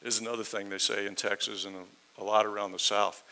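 A man preaching a sermon, reading scripture aloud and then explaining it in a conversational way, swinging between loud emphasis and quiet asides. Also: lowish voice, flat delivery, fairly quick, few pauses, a little hiss or hum, poor audio. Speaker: pastor. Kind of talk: sermon, verse-by-verse Bible teaching.

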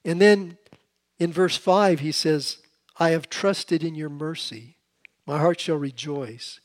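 Male Bible teacher, voice on the high side, casual talk with many restarts. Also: slow pace. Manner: conversational, with frequent restarts. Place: seated, with a drink at hand.

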